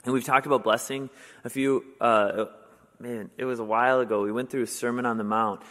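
A young adult man preaching a sermon in a casual, conversational way, with many fillers, getting animated when he tells stories. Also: medium pitch, a little fast. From Wisconsin, US. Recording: long hall reverb.

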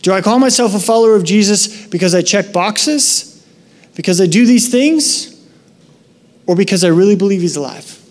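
High-voiced pastor preaching in a hall. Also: male voice, normal speed. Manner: conversational, animated storytelling. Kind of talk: sermon. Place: church sanctuary.

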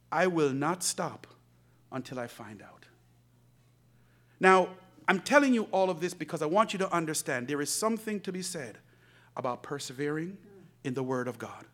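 A man preaching a sermon as pastor, swinging between soft, low asides and loud, emphatic lines, with laughing asides. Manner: animated preaching, rising to shouts, laughing asides.

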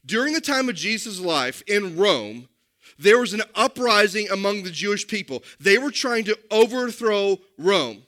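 Guy preaching a sermon, high bright voice, keeps asking the crowd stuff. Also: sing-song, normal speed. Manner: emphatic, addresses the congregation directly. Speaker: pastor.

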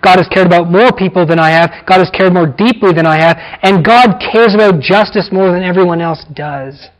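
A man preaching a verse-by-verse sermon in a fairly high voice. He drives his points home by repeating words and phrases, and he slows right down on the lines he wants to land. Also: poor audio. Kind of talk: expository sermon.

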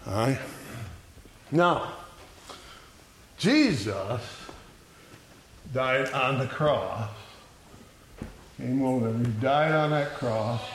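A man teaching an adult Bible class, who builds to loud, repeated exclamations and chuckles between points. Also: fairly high pitch.

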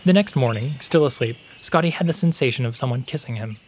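A man narrating a fantasy story in a steady, measured storytelling voice. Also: medium pitch, a little hiss or hum. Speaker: podcast narrator. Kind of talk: scripted audiobook narration.

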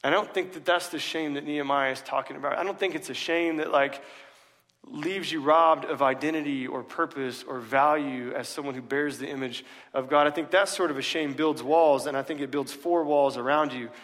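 A man's voice: fairly high pitch, steady tone, normal speed, fairly bright tone. A male pastor preaching a sermon in a casual, emphatic way, full of slang, in a church. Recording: long reverb of a large hall.

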